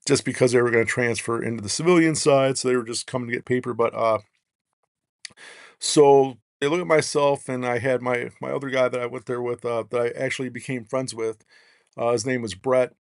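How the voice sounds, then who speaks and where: A man, a podcast guest, telling long rambling stories in casual chat and tagging his points with quick checks on the listener. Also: mid-range voice, fairly even intonation, dry recording, clean studio sound. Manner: rambling, peppers lines with "right?". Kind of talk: casual storytelling.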